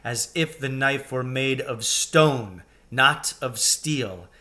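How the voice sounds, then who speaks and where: A man, a teacher, reading a children's novel aloud with slow, deliberate storytelling. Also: mid-range voice, pushed and bright.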